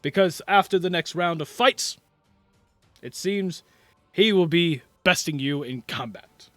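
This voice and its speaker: A man voicing an excitable male tournament announcer who booms his announcements like a showman. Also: a little slow, no room sound, soft background music. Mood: formal.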